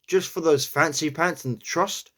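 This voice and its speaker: A man's voice: a little high, normal speed, fairly bright tone, voice pushed up. A man voicing a brash male gangster in a put-on New York accent, stretching his vowels. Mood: swaggering. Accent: attempted New York.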